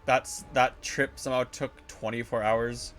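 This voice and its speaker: A man streaming a game live, reacting excitedly and swearing often. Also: medium pitch, a little slow. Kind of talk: live gameplay commentary.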